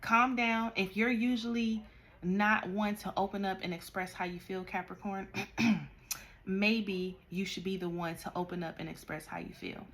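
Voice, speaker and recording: A woman doing a tarot card reading, talking straight to the listener in a direct, animated way and scolding them at times. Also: mid-range voice, normal speed. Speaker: tarot reader.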